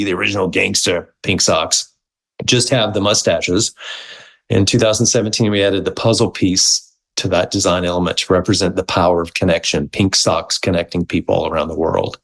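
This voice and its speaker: A middle-aged man with a fairly low voice tells a story in a relaxed interview. He talks animatedly and slips into the voices of the people he quotes. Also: vocal fry, rough recording. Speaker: guest, movement founder.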